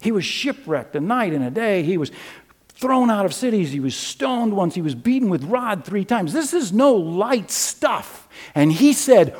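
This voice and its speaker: Older male preacher with lively swings. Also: unhurried, long reverb tail. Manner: animated storytelling, swings from loud and high to low and quiet. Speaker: pastor. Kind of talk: sermon.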